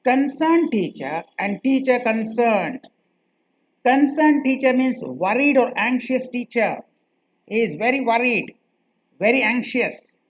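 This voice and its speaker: A woman teaching a grammar lesson, speaking slowly and repeating key phrases for her students. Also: fairly high pitch, very animated, low-quality recording. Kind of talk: classroom lecture.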